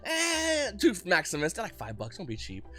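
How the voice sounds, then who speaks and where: A man giving excited, rapid market commentary as host of his channel, often restarting his sentences. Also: a little high, soft background music. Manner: talks fast when excited, frequent restarts. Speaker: trading card market commentator.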